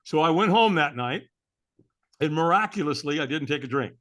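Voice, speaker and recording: A man's voice: fairly high pitch, animated, normal speed, fairly bright tone. A man telling a personal story as an interview guest, in a candid, earnest way, often adding "man".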